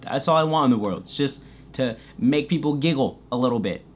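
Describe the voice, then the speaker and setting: A man's voice: mid-range voice, animated, a little fast. A young man telling a comedic story to camera, goofy and self-deprecating, jumping into silly voices for the people in it. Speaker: YouTuber storyteller. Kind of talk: comedic story time vlog.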